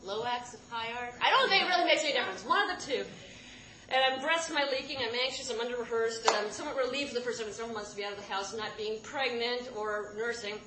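A woman in her thirties telling a comic personal story to a live audience, rambling and self-deprecating, with sudden loud outbursts. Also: on the high side, fast talker. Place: stage in a room with a live audience. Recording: roomy live room with background noise.

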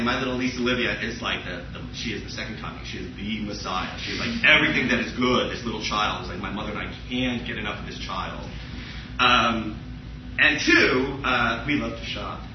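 A man in his thirties from the Boston area doing stand-up, animated and laughing as he acts out voices. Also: medium pitch. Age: 30s. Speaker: comedian. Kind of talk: stand-up comedy. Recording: distant, echoey, dull, noisy live room.

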